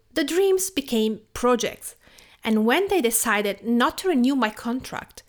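Woman, around 40, Italian accent, a bit high-voiced; podcast host doing calm, measured scripted narration. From Tuscany, Italy. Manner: calm, measured reading with a personal storytelling tone. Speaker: podcast host and home cook.

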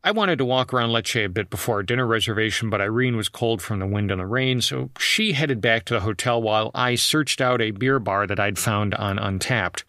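A man's voice: lowish voice, a little fast, hardly any pauses, sharp tone, dry recording, studio quality. A man hosting a solo travel podcast, telling stories in a conversational way with frequent asides. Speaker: podcast host.

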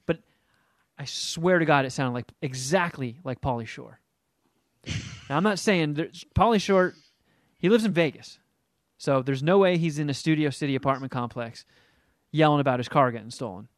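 A man's voice: a little high, normal speed, pauses often, no room sound, clean studio sound. A man co-hosting a casual chat, telling rambling stories and swearing freely. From Los Angeles area resident. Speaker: podcast co-host.

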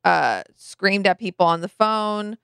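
A woman co-hosting a casual podcast, talking in a measured way with hesitant restarts. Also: medium pitch, lively intonation, creaky, fairly bright tone, smooth, no room sound, studio quality. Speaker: podcast co-host. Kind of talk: casual chat.

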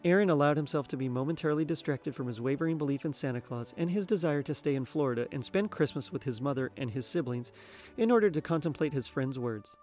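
A man narrating a story chapter in a steady, expressive reading voice. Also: on the high side, fast, soft background music. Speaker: reader.

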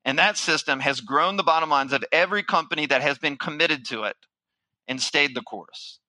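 A man's voice: a little high, moderate pace, bright, forceful tone, dry recording, poor audio. A middle-aged man giving a keynote, telling a story with animation and acting out his own panic. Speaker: keynote speaker, marketing firm founder.

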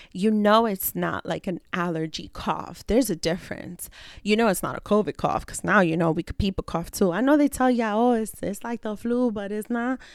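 A young adult woman hosting a podcast, telling a story in a casual, profane, animated way and acting out the people she quotes. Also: mid-range voice, no room sound, clean studio sound. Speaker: podcast host.

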